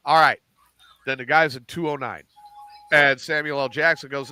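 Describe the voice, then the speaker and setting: A middle-aged man hosting a casual podcast, animated and profane, acting out lines as he recaps TV shows. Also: fairly high pitch, moderate pace, clear, resonant tone. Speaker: podcast host.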